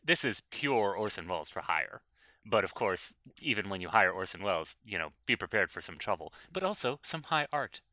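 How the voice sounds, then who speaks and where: A man co-hosting a podcast in casual chat, sarcastic and wry. His low voice swings widely in pitch and sounds very bright, recorded dry and up close. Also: big pitch swings, a little fast, no echo. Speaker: podcast co-host.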